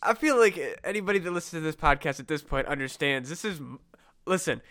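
A man co-hosting a loose comedy podcast, cursing constantly and breaking into laughter as he acts out his own reactions. His voice is bright and forceful and sits a little high for a man. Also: lively intonation, a little fast. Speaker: podcast co-host. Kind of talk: casual comedy podcast chat.

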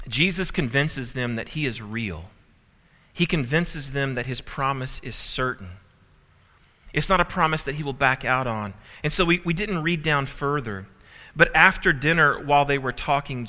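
A man's voice: mid-range voice, bright, forceful tone. A man preaching a sermon as pastor, telling a family story with humor and building emphasis. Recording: reverberant hall.

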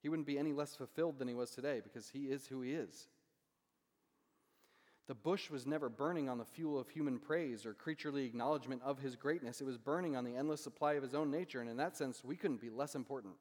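Conversational preacher in a reverberant hall. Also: male voice, mid-range voice, quick pace, a little mellow. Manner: conversational, asks "right?" often. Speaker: pastor. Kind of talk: sermon.

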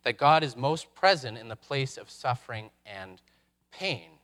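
A man preaching a sermon, reflective, posing rhetorical questions with dramatic pauses. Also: mid-range voice, lively intonation, fairly bright tone. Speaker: pastor.

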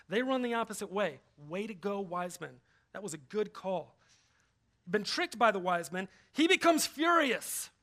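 A man delivers a sermon as pastor, his voice sitting high for a man. He preaches with animation, punching some words loudly and dropping others into quiet asides. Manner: animated preaching, swinging between loud emphasis and low asides.

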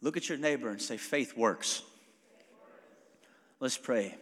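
A male pastor preaching a sermon to his congregation, calling for amens and moving between loud preaching and quiet prayer. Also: medium pitch, takes it slowly, big-room sound. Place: church sanctuary.

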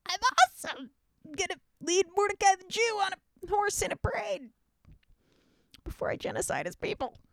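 A boastful, scheming royal official gloats in a high, pushed-up voice, as a woman puts him on while retelling the tale. The sound is close and dry, with no room around it. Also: normal speed, creaky, dry recording. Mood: smug. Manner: smug, later frantic pleading.

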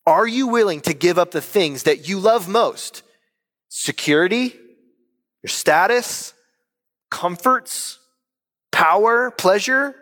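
A man in his thirties, a pastor preaching a sermon in an animated, conversational way. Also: fairly high pitch. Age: 30s. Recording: long reverb of a large hall.

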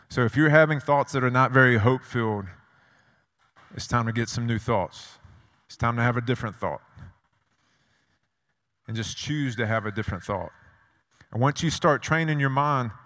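With a medium-pitched, fairly bright voice, a man delivers a sermon in a space with long hall reverb. He relies on storytelling, rhetorical questions, and repeated phrases to press his points.

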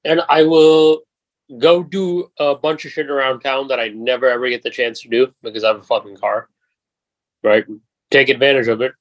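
A young man in his twenties spins a long, swearing-laced story as a podcast host, his voice at an ordinary middle pitch. The sound is dry and close, with no room around it. He talks in a loose, animated way. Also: moderate pace, dry recording, low-quality recording. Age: 20s. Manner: profane, animated anecdote telling. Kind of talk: casual storytelling chat.

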